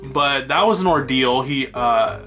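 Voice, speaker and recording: Man, casual rambling vlogger on a phone mic, bright tone, faint music under. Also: mid-range voice, lively intonation, measured pace. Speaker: video blogger. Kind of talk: casual storytelling to camera. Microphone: phone held by himself.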